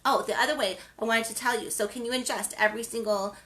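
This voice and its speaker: A woman's voice: fairly high pitch, steady tone, fast talker, a bit bright. A woman hosting a wellness show, talking casually and rambling, with frequent ums and restarts. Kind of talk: casual spoken segment.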